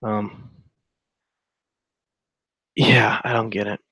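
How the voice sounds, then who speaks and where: A man's voice: on the low side, flat delivery, very slow, bright, forceful tone, breathy edge, no room sound. A man giving casual, sarcastic commentary as he reads chat logs aloud, rambling with lots of fillers. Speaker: streamer reading and mocking chat logs.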